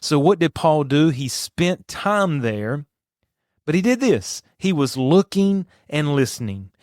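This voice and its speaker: A man's voice: a little high, sing-song, slow, darkish tone, dry recording, studio quality. A man hosting a devotional podcast, teaching in an earnest, emphatic way and putting rhetorical questions to his listeners. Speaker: podcast host and Bible teacher.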